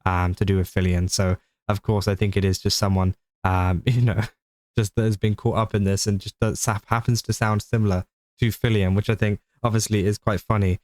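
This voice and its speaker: Low-voiced British man rambling commentary. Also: flat delivery, brisk, a little mellow, dry recording. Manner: rambling, many fillers and restarts. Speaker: commentator reacting to clips. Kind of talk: casual reaction commentary.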